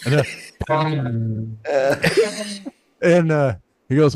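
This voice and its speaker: A middle-aged man, a stand-up comedian, telling a lively story in a casual interview, acting out the people in it. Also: mid-range voice, moderate pace. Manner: animated anecdote-teller, acts out quoted voices.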